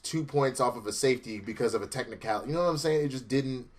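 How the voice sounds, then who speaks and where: A man's voice: medium pitch, fast talker. A man co-hosting a casual review chat, laid-back and conversational, swearing freely. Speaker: co-host reviewing a TV episode.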